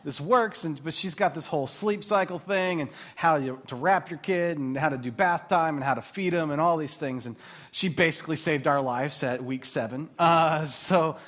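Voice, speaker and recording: A man's voice: fairly high pitch, moderate pace. A man in his thirties giving a faith talk to mothers, telling rambling personal stories and laughing at himself. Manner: warm, rambling storyteller who laughs at himself. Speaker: speaker at a Christian mothers' gathering.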